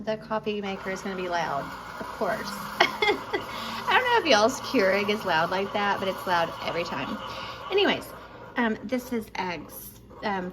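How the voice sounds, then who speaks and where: A woman's voice: mid-range voice, background noise. A woman chatting casually in her kitchen, rambling along with lots of fillers. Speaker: food vlogger. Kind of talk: casual chat.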